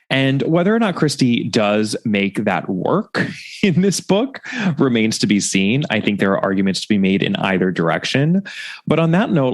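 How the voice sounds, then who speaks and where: A man with a lowish voice hosts a podcast and delivers prepared commentary. He talks in long, wordy sentences full of lively lifts and playful asides. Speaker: podcast host.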